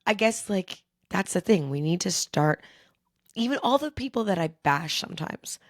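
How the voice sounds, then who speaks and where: A middle-aged woman co-hosting a podcast, chatting casually and telling frank, animated stories with some swearing. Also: fairly low pitch, moderate pace, no room sound, clean studio sound. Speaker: podcast co-host. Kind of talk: casual chat.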